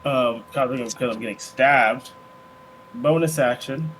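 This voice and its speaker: A man's voice: mid-range voice, a little slow, fairly bright tone, slight background noise, low-quality recording. A man playing a druid in a tabletop game, talking casually and hesitantly with many fillers. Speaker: player.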